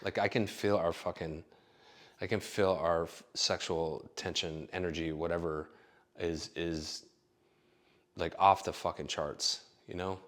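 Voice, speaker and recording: A man's voice: deep voice, steady tone, a little slow, a bit bright. A man telling a long personal story in a casual, rambling way, full of fillers and swearing. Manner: rambling, profane, filler-heavy.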